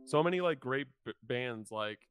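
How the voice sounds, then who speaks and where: Over loud music, a young male podcast co-host rambles through casual chat, filling his speech with "like." He has a mid-range voice with lively intonation and a moderate pace.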